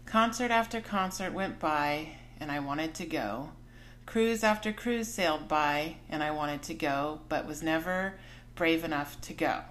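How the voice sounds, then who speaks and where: Podcast host, woman, 40s; candid personal storytelling, slightly low pitch, frank. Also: unhurried, fairly bright tone, slight background noise.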